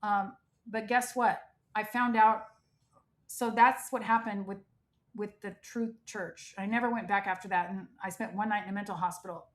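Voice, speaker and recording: Animated woman telling her story. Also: mid-range voice, moderate pace. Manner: animated, emphatic, frequent "like" and quoted dialogue. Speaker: guest. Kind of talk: personal storytelling in interview.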